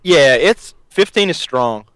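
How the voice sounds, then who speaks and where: A man's voice: on the high side, slow, clean tone, no room sound. Man hosting a casual podcast. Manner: animated, laughs often, storytelling. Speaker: podcast host.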